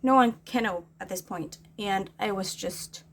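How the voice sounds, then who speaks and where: A woman's voice: mid-range voice, unhurried, a little hiss or hum. Agitated woman ranting. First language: Norwegian. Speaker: vlogger. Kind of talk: casual venting vlog.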